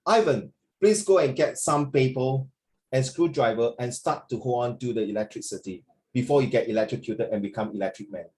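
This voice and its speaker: A man's voice: medium pitch, brisk, a little mellow, lightly acted. A man voicing a stern father who delivers bad news with a heavy, serious tone, over a video call. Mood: grave.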